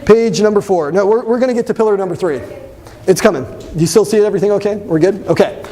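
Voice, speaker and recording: A young man teaching a debate class, lively and constantly asking his students questions. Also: sits high, fast. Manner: animated, asks the class questions. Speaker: debate instructor. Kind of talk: classroom lecture.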